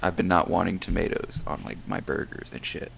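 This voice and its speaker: A man's voice: low-pitched, a little fast, creaky, a bit bright, a little hiss or hum. A laid-back man from Florida, co-hosting a casual podcast chat and swearing casually. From born in New Jersey, raised in Florida. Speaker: podcast co-host.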